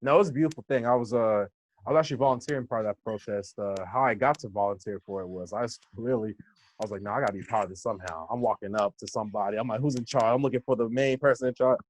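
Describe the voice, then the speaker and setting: A young American man from Los Angeles, a guest in a casual interview, telling stories with lively acted-out quotes and frequent laughs. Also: on the low side, fast talker. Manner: animated storyteller who acts out quoted voices, laughs often. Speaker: interview guest, hip hop instructor.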